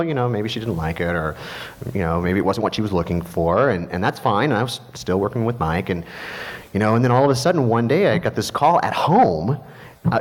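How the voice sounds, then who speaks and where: Man, middle-aged, composer, animated storyteller, lively pitch, reverberant hall. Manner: animated storyteller, acting out quoted voices. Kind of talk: storytelling at a panel talk.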